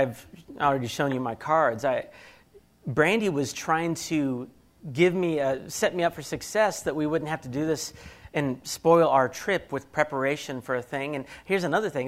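A man's voice: a little high, expressive, normal speed. A man, around his thirties, telling a candid, self-deprecating story about his marriage and acting out his own thoughts. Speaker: speaker sharing a marriage story. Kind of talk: personal storytelling talk.

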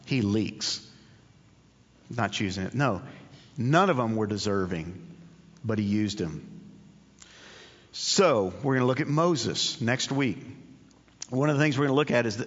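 A man's voice: medium pitch, expressive, measured pace, pauses often, fairly bright tone. A man preaching a sermon in an earnest, conversational way, often repeating his key phrases. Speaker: pastor. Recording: dull audio with long hall reverb.

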